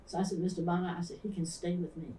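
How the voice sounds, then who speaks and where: An older woman pastor from around Philadelphia shares memories in an interview, her low voice moving fast as she animatedly performs the voices of people in her stories. The mic is distant and the room sounds roomy.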